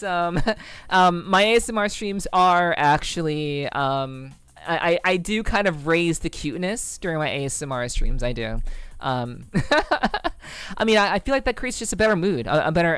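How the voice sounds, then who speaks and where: A woman streamer chatting easily with her viewers, rambling along with ums and small laughs. Her voice is smooth and clean at a middle pitch, recorded dry and close, with faint music underneath. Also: no room sound. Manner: relaxed, rambling, frequent ums and soft laughs. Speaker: VTuber streamer. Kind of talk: casual livestream chat with viewers.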